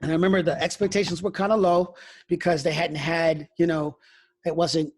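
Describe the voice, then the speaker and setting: A man's voice: fairly high pitch, little pitch movement, fairly quick, husky. A man who is a pastor, speaking frankly in an interview and telling stories, often restarting his phrases. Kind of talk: candid conversational interview.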